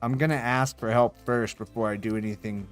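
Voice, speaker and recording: A man's voice: mid-range voice, a little fast, soft background music. Profane rambling male streamer. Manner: profane, rambling, animated retelling with laughs. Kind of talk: casual storytelling while streaming.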